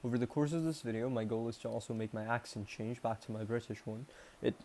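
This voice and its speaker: A man's voice: medium pitch, steady tone, quick pace, mellow, a little hiss or hum. A young man with a Canadian accent talking casually to the camera in a rambling, self-mocking way, stopping and restarting often. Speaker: vlogger. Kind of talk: casual self-improvement vlog.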